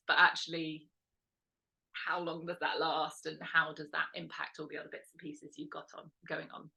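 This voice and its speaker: A woman's voice: low voice, flat delivery, a little fast, gravelly, bright, forceful tone. A woman hosting a lifestyle workshop, talking in a chatty, rambling way with lots of "um"s and self-corrections. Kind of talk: casual instructional talk.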